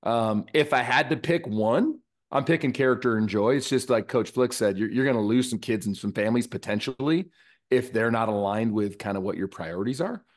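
A man's voice: medium pitch, brisk. A man who coaches youth baseball, co-hosting a podcast in loose, chatty talk full of fillers and "dude". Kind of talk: casual podcast chat.

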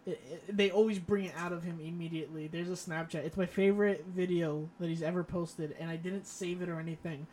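A man from Florida, co-hosting a casual podcast chat, telling rambling stories full of fillers and quick laughs. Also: fairly high pitch, fairly even intonation, a little mellow, slight background noise. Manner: chatty storyteller, many fillers, laughs often.

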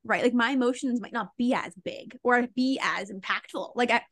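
A woman's voice: fairly high pitch, normal speed, a bit bright. A young woman guesting on a podcast, talking candidly and loosely with lots of filler words and frequent laughs. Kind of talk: casual conversation.

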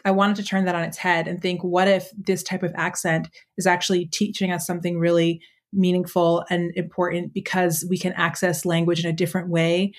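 A woman poet explaining her work in a reflective, measured way, with frequent pauses and ums. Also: fairly low pitch, flat delivery. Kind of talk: thoughtful conversational explanation.

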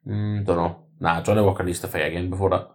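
Low-voiced chatty man. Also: little pitch movement, fast talker, a little mellow. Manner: chatty, keen, quotes records. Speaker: podcast co-host. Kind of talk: casual sports chat.

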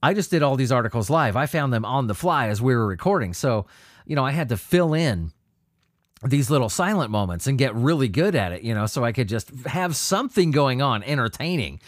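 A man's voice: medium pitch, brisk, no echo, studio quality. A man hosting a solo show, reading news stories and ranting about them with constant swearing and stumbling restarts. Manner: profane, animated ranting with frequent restarts. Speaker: podcast host reading news. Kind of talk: solo commentary on news articles.

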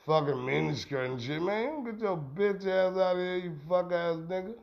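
A middle-aged man rants on a podcast, heated and profane, his talk rambling from point to point. His voice sits high for a man. The recording is dull and lo-fi. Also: normal speed, creaky. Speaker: podcast host. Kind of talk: profane ranting commentary. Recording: dull lo-fi sound.

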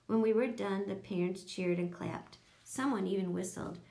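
A woman's voice: medium pitch, normal speed, creaky, a little mellow, reverberant. A woman narrating a children's audiobook, switching into voices for each character.

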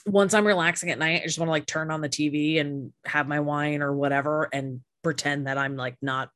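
Low-voiced chatty woman podcaster. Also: steady tone, brisk, a bit bright, no room sound, clean studio sound. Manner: chatty, swears casually, lots of fillers. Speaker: podcast co-host. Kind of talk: casual chat. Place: home, recorded over video call. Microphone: video call.

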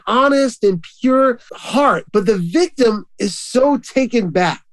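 A man's voice: extremely high pitch, animated, slow pace. A middle-aged man, a pastor and author, giving an earnest, impassioned personal testimony in an interview. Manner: earnest, impassioned, acts out quoted voices.

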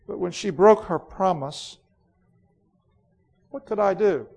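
A man's voice: high voice, slow, darkish tone, voice pushed up, heavily acted. A man voicing a cold, ruthless queen in a dramatic storybook reading, in an imperious, declamatory manner. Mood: bitter, imperious. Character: proud, cold, ruthless ancient woman queen.

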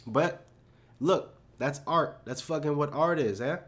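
A man's voice: fairly high pitch, measured pace. Rambling profane young man, solo podcast. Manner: rambling, profane, self-deprecating, filler-heavy. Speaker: podcast host.

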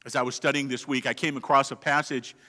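A man preaching a sermon as a pastor, swinging between hushed, quiet stretches and emphatic passages. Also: medium pitch, fairly even intonation, quick pace. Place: church sanctuary. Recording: long reverb of a large hall.

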